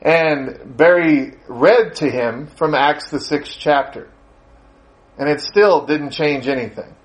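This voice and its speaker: A man's voice: a little high, slow pace, poor audio. A man preaching a sermon, telling a long anecdote in a conversational way, with fillers and the odd chuckle. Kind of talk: sermon storytelling.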